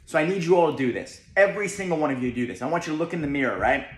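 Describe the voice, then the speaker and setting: In an echoey room, a young man with a New Jersey accent gives an emphatic motivational talk, frequently checking in with "right?". His voice is a little high, expressive and rapid-fire.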